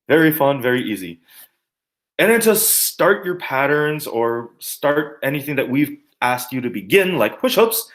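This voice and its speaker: A man, a martial arts instructor, teaching terminology in an animated, jokey way, using playful mnemonics and little mimicry. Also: medium pitch, moderate pace.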